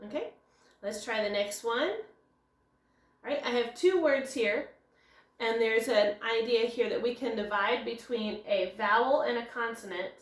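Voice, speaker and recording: In a recorded phonics lesson, a female teacher explains step by step and answers her own questions. She speaks unhurriedly in a slightly high voice, and the room is echoey.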